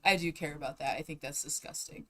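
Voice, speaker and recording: A woman's voice: deep voice, fairly even intonation, fast talker, noisy background. A young woman streamer chatting casually on a live stream, giggling and breaking into helpless laughter as she talks.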